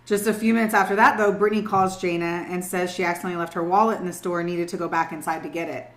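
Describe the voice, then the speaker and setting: A woman's voice: on the low side, fairly even intonation, fast talker. A young woman co-hosting a podcast, telling a true-crime story in casual, profane, emphatic chat. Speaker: podcast co-host. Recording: roomy echo.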